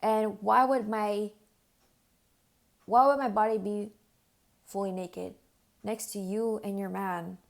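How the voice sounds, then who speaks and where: A young woman vlogger telling a personal story straight to camera, earnest and upset, full of "like" fillers, going hushed when she quotes herself. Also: mid-range voice, steady tone, slow pace, vocal fry, pauses often. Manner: earnest, distressed retelling with frequent "like" fillers.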